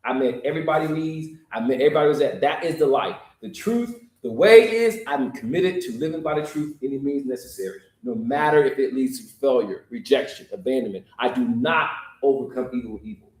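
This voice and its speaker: Guy preaching to his church, talks right to the room, mid pitch, roomy echo. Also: quick pace, hardly any pauses, darkish tone. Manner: conversational preaching, addressing the room directly. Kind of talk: sermon. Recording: echoey room.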